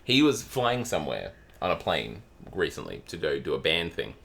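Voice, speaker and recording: A man's voice: very deep voice, huge pitch swings, normal speed, creaky, fairly bright tone. A man co-hosting a podcast, chatting casually and telling anecdotes with frequent laughter. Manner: chatty storyteller, laughs often. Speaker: podcast co-host. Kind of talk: casual chat.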